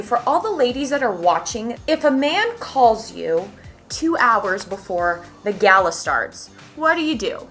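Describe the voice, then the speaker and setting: A young woman from Idaho chatting to camera, telling a dating story in a lively, talkative way. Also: a little high. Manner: animated, chatty, swings from loud to hushed. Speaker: vlogger.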